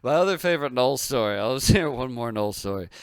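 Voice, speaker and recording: A man hosting a comedy podcast, spinning a long anecdote in an animated way and swearing as he goes. His voice is clean and resonant, set in a dry, close sound with a middle pitch. It is a relaxed, conversational tone. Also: fast, smooth, no echo. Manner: animated storyteller, swears freely. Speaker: podcast host. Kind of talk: casual storytelling chat.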